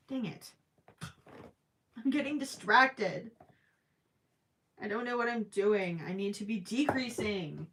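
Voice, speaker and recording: A woman's voice: mid-range voice, animated, takes it slowly, long pauses, fairly bright tone. A woman chatting casually with her viewers while she crochets, rambling with plenty of ums and self-deprecating asides. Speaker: crochet livestream host.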